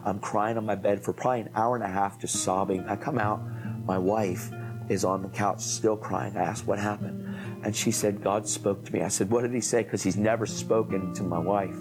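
A man preaching, telling an animated testimony story and acting out the people in it. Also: on the low side, moderate pace, music in the background, poor audio. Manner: animated storytelling, acts out quoted voices. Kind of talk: emotional testimony.

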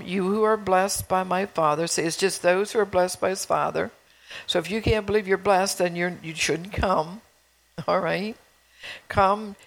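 Gravelly-voiced woman preaching a sermon. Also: mid-range voice, low-quality recording. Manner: conversational, tells personal stories between scripture readings.

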